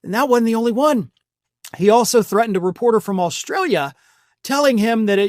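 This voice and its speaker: A man's voice: high-pitched, expressive, normal speed, darkish tone, no echo, studio quality. A man hosting a political commentary show, talking in a scornful, heated and mocking way. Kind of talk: opinionated news commentary.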